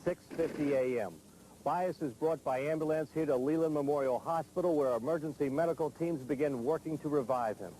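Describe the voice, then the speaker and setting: A man narrating a television news report in a measured, grave, scripted delivery. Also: on the high side, noisy background.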